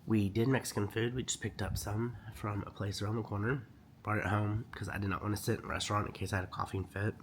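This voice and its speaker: A man's voice: fairly low pitch, level tone, fast talker, slight background noise. A man chatting casually in a vlog, a boutique owner telling stories in a sassy way, coughing now and then while under the weather.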